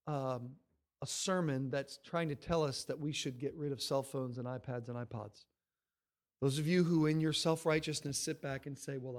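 A male pastor delivering a sermon with emphatic, stacked repetitions and lively storytelling. His voice sits notably high for a man. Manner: emphatic, piles up repeated phrases; animated storytelling.

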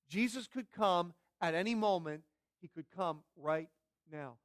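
A man's voice: on the high side, normal speed, no room sound, studio quality. A man preaching a sermon as pastor, emphatic and repeating key phrases for weight.

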